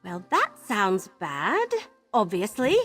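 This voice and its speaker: A woman's voice: mid-range voice, wildly swooping pitch, takes it slowly, fairly bright tone, faint music behind, full character voice. An actress voicing a cheerful, chatty young female elf ally who talks in a bubbly, earnest way. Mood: chipper.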